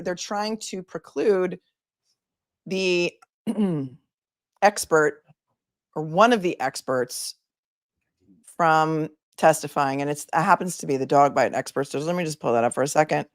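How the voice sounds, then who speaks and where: A woman attorney hosts a casual legal livestream with a somewhat low voice. She talks in an animated, emphatic way and piles up her points in lists. The sound is dry and close, with no room in it. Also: unhurried, pauses often, dry recording. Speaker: attorney and show host.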